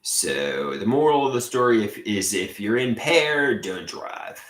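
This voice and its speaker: A man rambles through a live stream from his room, cursing often and circling back to the same complaints. His voice sits low but swings widely in pitch, with a bright, sharp edge. The room around him sounds echoey. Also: very animated, unhurried. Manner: rambling, profane, repeats himself. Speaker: livestreamer. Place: own room at home.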